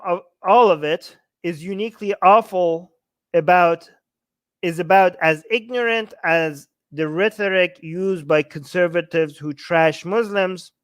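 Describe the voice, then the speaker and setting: Host: high-pitched man, dry close sound, heated ranting livestream reaction. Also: clean tone, no room sound. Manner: heated, ranting with rhetorical questions. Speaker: channel host.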